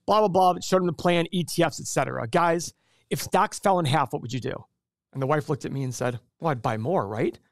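Emphatic man with a higher, dry voice. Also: fairly quick, no echo. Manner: emphatic, rhetorical questions, acts out quotes. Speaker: investing show host. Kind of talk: casual explanatory talk to camera.

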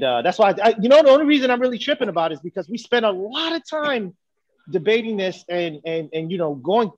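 A man's voice: sits high, no echo, lo-fi sound. A man co-hosting a casual debate chat, speaking earnestly and thinking aloud with many fillers. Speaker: podcast co-host.

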